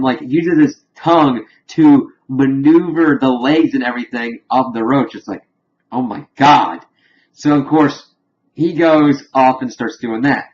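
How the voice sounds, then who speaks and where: A man's voice: mid-range voice, highs cut off. A man casually recapping a TV episode in a rambling way, saying "like" constantly. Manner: rambling, heavy use of "like". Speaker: TV episode reviewer.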